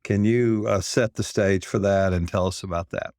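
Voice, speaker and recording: Easygoing low-voiced male podcast host. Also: moderate pace, no echo, studio quality. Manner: easygoing, relaxed questioning. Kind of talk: casual interview.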